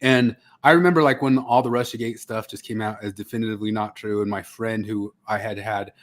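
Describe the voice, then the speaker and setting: A man's voice: on the low side, steady tone, a little fast, fairly bright tone. A man co-hosting a podcast, chatting casually with laid-back storytelling and frequent laughter. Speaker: podcast co-host. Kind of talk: casual chat.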